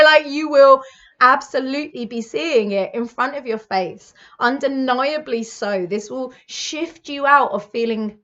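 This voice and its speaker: A woman from the UK in her thirties, giving a monthly tarot reading to camera in a warm, effusive and reassuring way, with plenty of fillers. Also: on the high side. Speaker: psychic tarot reader. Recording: slightly dull, lo-fi sound.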